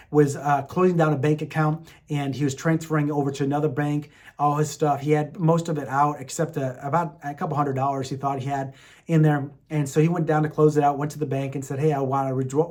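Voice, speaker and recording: A man hosting a faith podcast, telling miracle stories in a lively way and acting out what people said, with many fillers. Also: on the high side. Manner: animated storyteller, acts out quotes, many fillers. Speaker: podcast host. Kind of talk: faith testimony storytelling.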